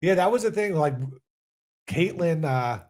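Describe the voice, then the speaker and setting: A man's voice: a little high, expressive, darkish tone. A young man co-hosting a casual podcast, teasing and dry in his comments. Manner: slow, teasing, dry interjections. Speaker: podcast co-host. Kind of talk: casual chat.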